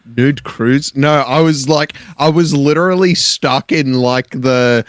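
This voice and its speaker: Wry young Australian man, smooth voice. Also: mid-range voice, slow pace, dry recording. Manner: wry, hesitant with fillers. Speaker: radio co-host. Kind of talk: morning radio banter. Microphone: studio microphone.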